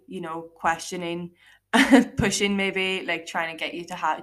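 Irish female podcast host, young adult, loose chatty delivery, voice sitting a touch low. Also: fairly even intonation, measured pace. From Ireland. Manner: chatty, lots of fillers and quoted asides. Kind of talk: casual solo podcast monologue.

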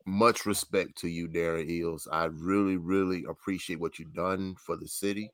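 A man's voice: low voice, steady tone, normal speed, a bit bright, no room sound. A man co-hosting casual sports talk, earnest and emphatic. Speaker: co-host.

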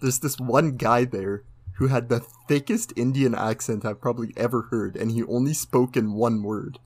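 A man's voice: medium pitch, normal speed, darkish tone. A young man from Canada, co-hosting a casual chat, telling stories full of fillers and swearing. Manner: filler-heavy storytelling, swearing, laughing. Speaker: podcast co-host.

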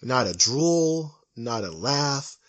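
A man co-hosting a casual podcast, ranting in an animated, emphatic way. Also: medium pitch, takes it slowly. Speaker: podcast co-host. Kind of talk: casual chat.

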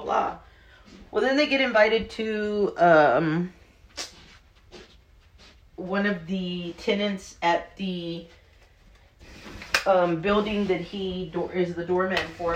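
Woman vlogger, casual storyteller, frank and emotional. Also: lowish voice. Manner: candid, swears freely, grows emotional.

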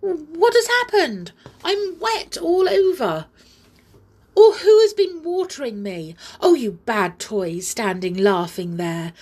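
A woman voicing a naughty, boastful girl doll who gets shrill and wails when upset, with a slow, creaky, husky voice. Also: exaggerated voice. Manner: sneezing, wailing.

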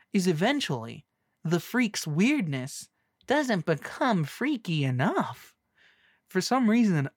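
A man's voice: fairly high pitch, no room sound, studio quality. A young man ranting casually about a movie, rambling and sarcastic, with many restarts. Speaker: movie reviewer.

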